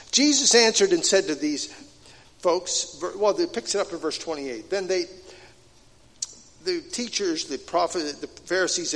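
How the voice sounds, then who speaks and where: A man preaching a sermon, dropping to hushed asides and then building to loud, emphatic declarations. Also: a little high. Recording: long hall reverb.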